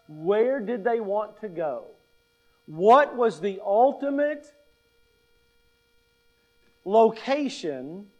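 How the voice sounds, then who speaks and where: A middle-aged man delivers a sermon in a fairly high voice, taking his time over every phrase. He repeats his key points and puts rhetorical questions to the congregation, and his delivery stays measured and emphatic. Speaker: pastor.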